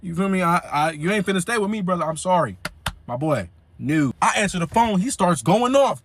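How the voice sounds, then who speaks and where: A man telling a funny story in an animated, slangy way. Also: sits high, a little fast. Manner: animated and slangy, repeating "you feel me". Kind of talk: comedic storytime.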